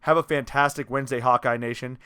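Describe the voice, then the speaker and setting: Fast-talking young male sports podcast host. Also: medium pitch, clean tone. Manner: energetic, self-mocking, joking banter. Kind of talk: casual sports podcast chat.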